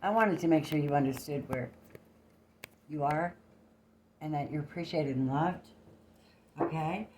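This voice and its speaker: Unhurried and pausing often, a woman with a low-pitched, slightly mellow voice gives a casual tarot reading to camera. She's blunt and emphatic, swearing freely, on a phone recording from an echoey room with slight background noise.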